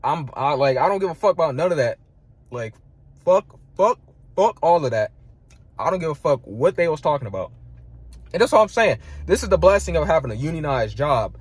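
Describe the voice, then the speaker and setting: This vlogger's voice sits on the high side, sing-song and a bit breathy, and he talks fast with no echo around him. The young man's profane rant recounts a workplace clash, packed with "like" and "bro."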